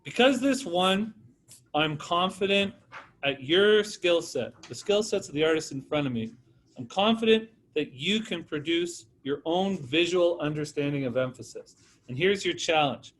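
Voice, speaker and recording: A man with a slightly raised pitch leads an art lesson. He talks to the class in a loose, encouraging way and calls on students by name. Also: a bit bright. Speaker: art teacher. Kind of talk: classroom teaching.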